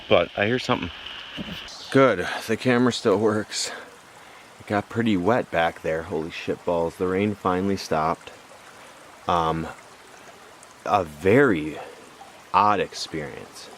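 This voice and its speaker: A worn-out man with a lowish voice recounts his day to a camera held at arm's length in the woods. He swears freely and acts out the people he met. A faint outdoor hiss sits behind him. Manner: swears freely, animated retelling with put-on quotes. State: exhausted. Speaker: solo backpacker vlogging on the trail. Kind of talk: casual vlog storytelling. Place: outdoors on a forest trail. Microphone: handheld camera at arm's length.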